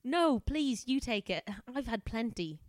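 A woman's voice: on the high side, expressive, a little slow, dry recording, voice pushed up. A woman voicing a prim, posh woman detective in a put-on upper-class English accent, refined and genteel.

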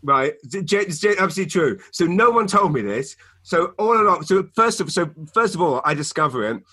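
A man co-hosting a podcast, chatting casually and telling animated stories full of fillers and restarts. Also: high-pitched, brisk, husky, dry recording. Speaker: podcast co-host. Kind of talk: casual chat. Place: home in Canada.

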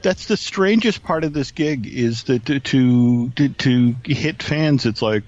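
A man's voice: mid-range voice, lively intonation, unhurried, darkish tone, dry recording. Male guest storyteller, rambly, many restarts, lo-fi dry line. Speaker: guest Disney expert. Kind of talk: casual podcast storytelling.

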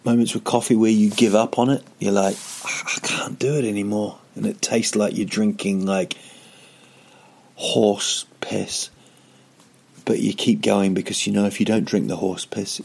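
A man's voice: fairly low pitch, flat delivery, a little slow, vocal fry, darkish tone, slightly rough. A man, a comedian hosting a podcast, telling a rambling comic story with self-mocking jokey asides. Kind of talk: casual comedic monologue.

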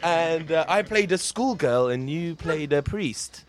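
A man's voice: on the high side, expressive. A man hosting a casual improv comedy podcast, playful and teasing his guests. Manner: playful, teasing, quick to laugh. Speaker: podcast host.

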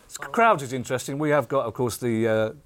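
A middle-aged man with a South London accent delivers a dry, mock-boastful comic argument. His voice sits at an ordinary mid pitch for a man and has a panel-show feel. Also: a little fast, a bit bright. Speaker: comedian panellist.

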